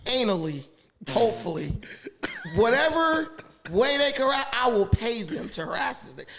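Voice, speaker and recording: Provocative podcast guest, man, high voice. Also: big pitch swings, normal speed, creaky, crowd noise. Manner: brash, provocative trash talk. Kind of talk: casual podcast banter.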